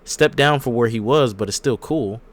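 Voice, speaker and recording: A man's voice: mid-range voice, moderate pace. A man hosting a casual wrestling podcast, laid-back and opinionated, joking as he makes his calls. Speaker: podcast host.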